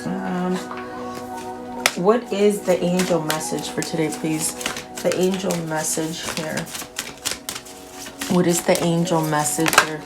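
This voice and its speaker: A woman giving a casual tarot reading, quietly murmuring questions to the cards and then reading their messages aloud in an unhurried, musing way. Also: lowish voice, steady tone. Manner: unhurried and musing, with soft fillers. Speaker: tarot reader. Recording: music playing under the voice. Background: background music.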